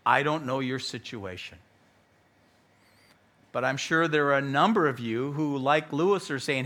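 A male pastor with an American accent preaching a sermon, telling the story with animated delivery and acted-out voices. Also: mid-range voice, measured pace, pauses often. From United States.

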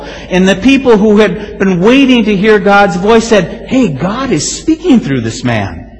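Guy preaching a sermon, tells it like a story and gets loud fast, big echoey church sound. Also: high voice. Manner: animated storytelling with sudden loud exclamations. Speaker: pastor. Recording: hall reverb.

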